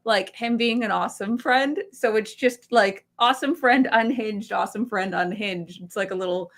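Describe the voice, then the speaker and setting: A young woman co-hosting a podcast, telling a story in an animated, casual way with lots of fillers and swearing. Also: medium pitch, moderate pace. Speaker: podcast co-host.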